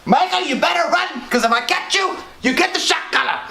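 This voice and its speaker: A man playing a brash male fight referee, yelling crude trash talk in a comedy skit. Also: extremely high pitch, lively intonation, a little fast, heavily acted. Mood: rowdy. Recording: echoey and distant, loud music and crowd.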